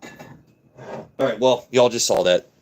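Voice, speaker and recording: A man from Southern Maryland hosting a casual livestream, talking to his chat and letting his voice drop deep and blunt. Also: takes it slowly, noisy background. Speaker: livestream host.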